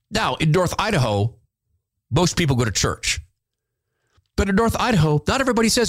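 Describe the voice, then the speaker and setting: A man hosting a podcast, reading listener letters aloud and answering them in an earnest, openly emotional way, sometimes halting and repeating words when moved. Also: on the high side, very animated, no room sound. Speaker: podcast host.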